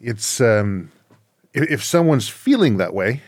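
A man's voice: mid-range voice, very animated, takes it slowly, a little mellow, no room sound, clean studio sound. A man hosting a podcast interview, thinking aloud reflectively with frequent tag questions. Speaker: podcast host.

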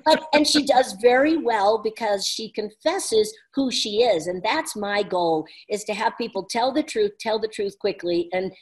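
A woman business coach in casual conversation, talking fast and energetically and laughing often. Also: mid-range voice.

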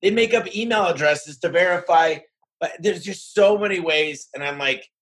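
A man who owns a home services business, talking in a lively podcast conversation and acting out the exchanges he has with other owners. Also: high voice, moderate pace, low-quality recording. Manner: animated, acts out his own conversations in quoted voices.

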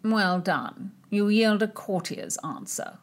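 A woman's voice: medium pitch, expressive, takes it slowly. A woman voicing an arrogant, mocking young nobleman in a storybook reading. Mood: haughty.

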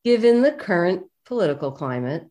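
A woman's voice: on the low side, very animated, a little fast, warm tone. Inviting woman podcast co-host. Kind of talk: scripted podcast intro.

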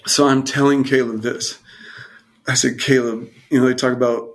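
A man in his fifties from California, earnestly sharing a heartfelt personal testimony in conversation, his voice sometimes dropping to a hushed near-whisper. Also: medium pitch, little pitch movement, normal speed. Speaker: guest.

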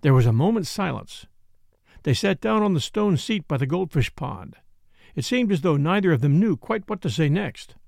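A man reading a novel aloud in a measured, expressive narration. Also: fairly high pitch, vocal fry, no echo, clean studio sound. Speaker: audiobook reader. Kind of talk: scripted narration.

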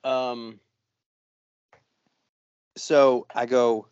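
A man's voice: medium pitch, lively intonation, normal speed, fairly bright tone, dry recording. A middle-aged man co-hosting a podcast, telling a long story in casual chat with constant swearing and heated rants. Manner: profane, ranting storyteller. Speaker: podcast co-host. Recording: dull, dry lo-fi sound.

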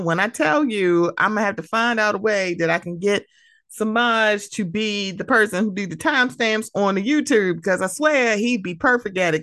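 A woman hosting her own podcast in a casual, animated, emotional way, laughing often. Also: mid-range voice, no room sound. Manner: animated, laughing, emotional, mimics friends' voices. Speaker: podcast host. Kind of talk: casual solo podcast talk.

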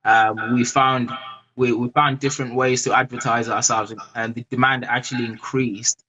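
A man guest in an interview, speaking hesitantly with frequent pauses and restarts. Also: medium pitch, level tone, sharp tone, slightly rough, muffled recording. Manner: hesitant, many fillers and restarts. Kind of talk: casual interview.

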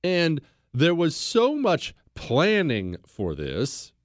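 Man, lively swooping voice, blunt history talk, dry close sound. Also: on the high side, drawn-out words, no echo. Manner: animated and blunt, mocking, acts out quotes. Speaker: podcast host.

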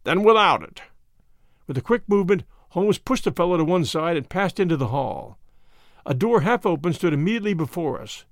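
Expressive male storybook narrator. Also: fairly high pitch, brisk, no room sound, studio quality. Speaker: audiobook narrator. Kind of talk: scripted narration.

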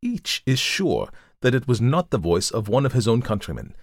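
A man voicing a calm, methodical male detective who reasons aloud in a measured, lecturing way, in an audiobook reading. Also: mid-range voice, no echo, studio quality, voice pushed up. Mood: reasoning.

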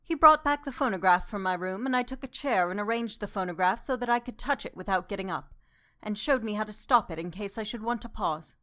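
Woman narrator, calm, measured, middle pitch, literary audiobook reading.

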